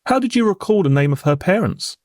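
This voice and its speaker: Male prosecutor for a courtroom reenactment: formal, probing, lively pitch, dry close sound. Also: brisk, no echo. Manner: formal, probing, pointed questions. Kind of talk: courtroom cross-examination reenactment.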